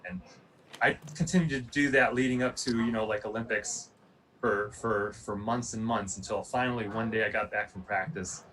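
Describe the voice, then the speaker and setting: A man's voice: lowish voice, moderate pace. Guy in his 40s rambling through a motivational talk, lots of um and you know, mic kinda far off. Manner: rambling, animated storytelling with many fillers. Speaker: Olympic pole vaulter sharing his story. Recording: distant mic, faint room noise.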